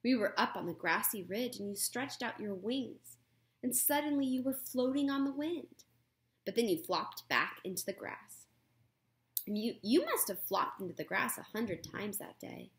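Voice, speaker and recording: A gentle, patient robot mother, voiced by a woman reading aloud. She speaks calmly and earnestly, with a lively rise and fall in her higher voice. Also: moderate pace. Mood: tender.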